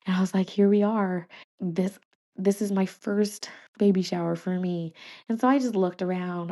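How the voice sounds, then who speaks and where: A woman's voice: lowish voice, warm tone. A woman, hosting a podcast and telling a personal story in a chatty, emotional way, laughing and restarting often. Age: 30s. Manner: addresses listeners as y'all and you guys. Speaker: podcast host.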